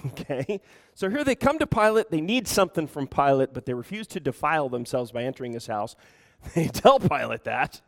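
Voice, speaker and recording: A man's voice: fairly high pitch, big pitch swings, normal speed. A man preaching a sermon as pastor, asking the room rhetorical questions and acting out quoted voices. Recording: reverberant hall.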